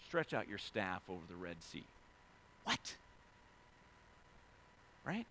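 Bright-voiced male pastor preaching casually. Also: on the high side. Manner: conversational, swings between loud excited stretches and hushed quiet ones; heavy use of fillers like "you know" and "right?". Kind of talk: sermon.

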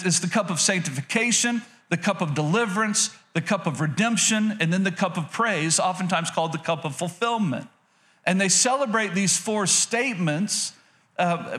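A man's voice: sits high, a bit bright. A male pastor giving a sermon in an emphatic, repetitive preaching manner with frequent restarts.

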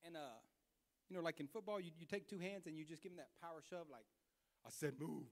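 A young adult man preaching a sermon, telling a personal story in an animated way that swings between hushed self-scolding and loud retelling. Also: on the high side, quick pace, in a large hall.

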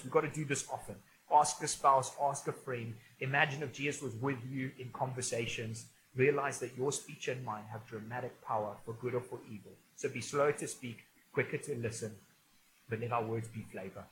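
A pastor gives a sermon in a casual, joking tone and often restarts his sentences. His voice sits at a middle pitch for a man. There is faint noise in the church room. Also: a bit bright, low-quality recording. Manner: conversational and humorous, with frequent restarts. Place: church auditorium.

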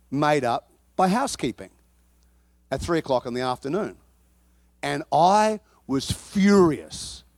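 High-voiced preacher man, dry sound. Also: dry recording. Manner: animated storytelling, bursts into shouting. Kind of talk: sermon.

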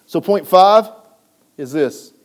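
Speaking slowly in a high, animated voice, a man delivers a sermon as a pastor, his emphasis rising while he keeps checking with the congregation, often tossing in "right?"

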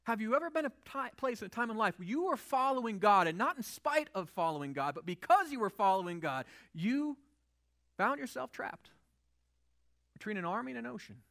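A man's voice: high voice, big pitch swings, fairly quick, vocal fry, fairly bright tone. A male pastor preaching a sermon in a conversational way, often asking the audience rhetorical questions.

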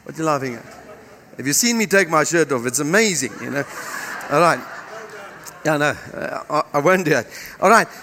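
High-voiced fifty-something pastor preaching. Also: male voice, animated, normal speed, long pauses, sharp tone, a little hiss or hum. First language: Dutch. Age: 50s. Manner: emphatic, repeating phrases, joking with the congregation. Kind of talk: sermon.

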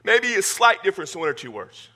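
Folksy male pastor, high husky voice, lively swooping delivery. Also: fast talker. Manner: folksy, joking, animated preaching. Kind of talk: sermon. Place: church sanctuary with congregation.

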